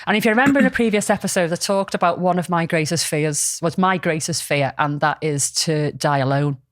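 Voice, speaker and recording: A woman's voice: fairly low pitch, fairly quick, no echo, studio quality. Chatty woman telling a story. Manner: chatty, rambling, lots of ums and restarts. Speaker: podcast co-host. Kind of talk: casual podcast storytelling.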